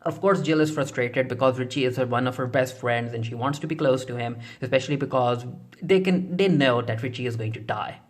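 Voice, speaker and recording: A casual, chatty reviewer walking through a TV episode with plenty of fillers and restarts. The voice sits at a middling pitch and keeps slipping into retold dialogue between characters. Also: brisk. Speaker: TV show reviewer. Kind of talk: casual spoken episode recap.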